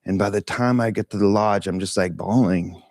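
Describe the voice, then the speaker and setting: A middle-aged man tells a personal story in a loose, candid way, full of fillers, laughs and casual swearing. His voice sits a little low, and the recording is dry and close, with no room sound. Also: moderate pace, darkish tone, no room sound. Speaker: meditation talk leader.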